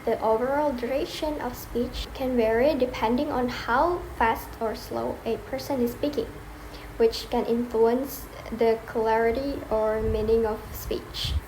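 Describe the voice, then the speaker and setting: Young woman student presenter, slightly high. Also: steady tone, measured pace, a little mellow, a little hiss or hum. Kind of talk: class presentation. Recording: echoey room.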